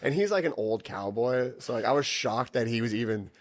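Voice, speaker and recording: On a casual podcast, a young jiu-jitsu athlete appears as a guest and tells rambling stories packed with swearing, filler words and lots of "like." His mid-range voice holds a steady tone and a brisk pace.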